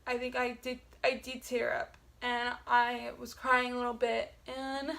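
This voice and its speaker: A woman book vlogger talking in a casual, rambling way, stacking up "like" fillers and correcting herself as she goes. Her voice sits high with a gravelly fry running through it, and she takes her time. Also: monotone, unhurried, a bit bright. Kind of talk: casual chat.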